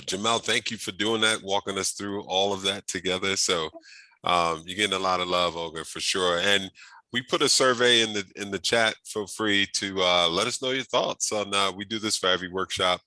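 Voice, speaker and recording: A low, pushed, bright voice belongs to this man hosting a workshop speaker series online. Over the video call he's upbeat and chatty, with lots of fillers and restarts, and the recording is dry.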